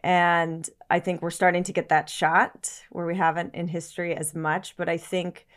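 A woman's voice: fairly low pitch, flat delivery, moderate pace. A woman as a podcast guest, talking earnestly in casual conversation, often searching for words and swearing casually.

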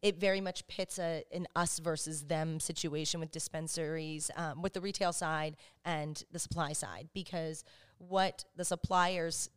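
A woman's voice: low voice, fairly even intonation, measured pace, clear, resonant tone. Emphatic woman giving business advice. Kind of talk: casual chat.

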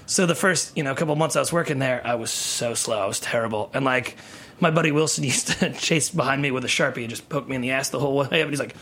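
Gravelly man telling a lively story. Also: a little high, fast talker. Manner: animated storyteller acting out quotes, laughing often. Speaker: tequila brand ambassador. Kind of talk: casual storytelling in a podcast chat. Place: studio.

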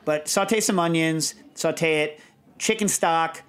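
A fairly high-voiced male podcast host chatting casually. He rambles from one story to the next, quick and animated, with lots of asides. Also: clean tone. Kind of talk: casual chat.

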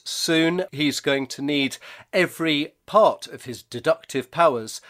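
Lively-voiced male interview host. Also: fairly high pitch, no room sound, studio quality. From England. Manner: articulate, lively presenter delivery. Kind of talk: scripted introduction and interview.

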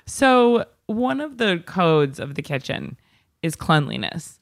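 A woman co-host with a somewhat low voice chats in a relaxed, playful way and laughs easily. She tells kitchen stories with dry wit. The sound is close and dry, with no room around it. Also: slow, creaky, dry recording. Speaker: podcast co-host and chef. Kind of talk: casual chat.

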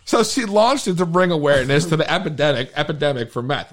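A man's voice: on the high side, fast talker. Buzzed guy hosting a podcast in a studio, cussing a lot, voice bouncing all over. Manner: profane, animated storytelling. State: tipsy, stumbling over words. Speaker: podcast host. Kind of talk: casual podcast banter.

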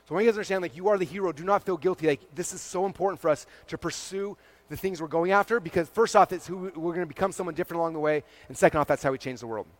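A man giving a motivational talk to a live audience, energetic and peppered with "like", often checking in with "okay?" and "right?". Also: fairly high pitch, very fast, few pauses. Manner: heavy use of "like" as a filler. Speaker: speaker presenting to a live audience.

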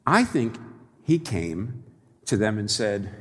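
A male preacher delivers a sermon with a lively, swooping voice that rises and drops sharply for emphasis. He is wry and animated, chuckling at the ironies he points out. His voice rings with a long reverb, as in a large church hall. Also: lowish voice, extremely slow. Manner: animated, wry, laughing at his own irony.

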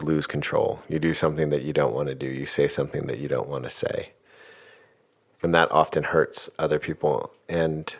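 A middle-aged man talking thoughtfully about emotions in a casual, filler-heavy way. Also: rumbling low. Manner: thoughtful, uses many fillers like "like" and "you know". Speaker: guest speaker on emotions. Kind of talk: reflective casual talk.

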